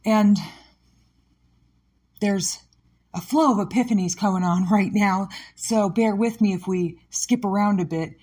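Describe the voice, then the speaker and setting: A woman's voice: mid-range voice, measured pace, pauses often, darkish tone. A woman comedian hosting her own show, talking candidly and emotionally about something painful, scattered and sometimes sarcastic. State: upset. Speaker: podcast host and comedian. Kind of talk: candid personal monologue.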